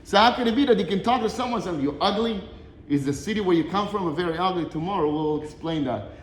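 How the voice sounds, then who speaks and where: A man teaching a quick Torah lesson, his voice pitched high and his words tumbling out fast. He retells an old story with lots of animation, dropping into Hebrew quotes and then explaining them in English, all in a room with a long, ringing echo. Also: slight background noise.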